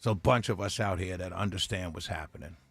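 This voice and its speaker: Gravelly radio host on a heated rant. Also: male voice, sits low, fast talker, dry recording, faint music behind. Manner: heated, sarcastic, laughs between points. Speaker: radio talk show host. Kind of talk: impassioned on-air rant. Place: radio studio.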